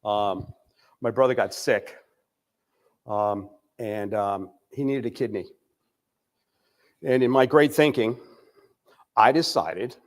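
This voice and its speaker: An older man from the United States giving a candid recovery testimony, telling his story with frequent pauses and fillers. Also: medium pitch, expressive. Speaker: recovery speaker.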